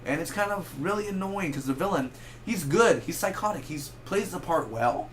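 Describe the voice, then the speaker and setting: A man's voice: a little high, slight background noise. A young man giving a casual spoken movie review, rambling and correcting himself as he goes. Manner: rambling, self-correcting, animated with quick asides.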